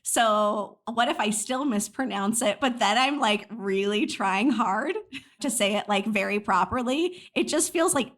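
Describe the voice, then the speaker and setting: American woman, podcast co-host, casual chat, self-deprecating, laughs a lot, medium pitch. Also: unhurried, a bit bright. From United States.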